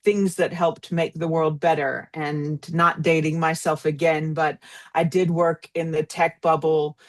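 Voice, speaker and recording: A woman's voice: low-pitched, level tone, measured pace. Upbeat woman from New York. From New York, of Puerto Rican roots. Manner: warm, upbeat storytelling. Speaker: guest. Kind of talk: casual interview.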